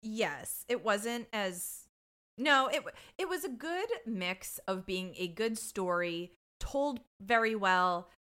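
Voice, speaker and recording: A woman's voice: mid-range voice, slow. A woman co-hosting a podcast, chatting casually and jokily while recapping a TV season, swearing freely. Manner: animated, jokey, swears freely. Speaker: podcast co-host.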